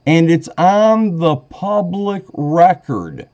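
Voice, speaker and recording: Guy on a phone call, slow draggy talk swinging way up and down, rambly and worked up, muffled lo-fi line. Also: fairly high pitch, very animated, darkish tone. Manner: rambling, agitated, wavering between indignation and choked-up emotion. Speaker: caller to a sheriff's office. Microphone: phone call recorded on his end.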